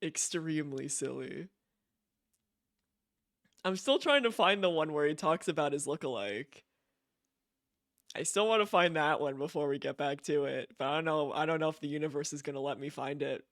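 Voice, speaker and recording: A man's voice: on the high side, normal speed, long pauses, fairly bright tone, no room sound, clean studio sound. A man streaming, chatting casually and giggling, often repeating himself and restarting as he talks. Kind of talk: casual chat.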